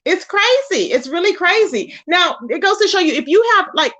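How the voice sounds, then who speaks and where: A woman hosting a casual livestream, telling stories in an animated, expressive way with loud exclamations. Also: very high voice, moderate pace. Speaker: livestream host.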